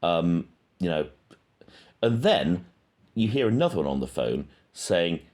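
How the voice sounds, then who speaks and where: A man with a low, deep voice speaks in a loose, unscripted monologue. He thinks aloud and hesitates often, filling the pauses with ums as he weighs his points. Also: sing-song, a little mellow. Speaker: true-crime channel host. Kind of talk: casual spoken monologue.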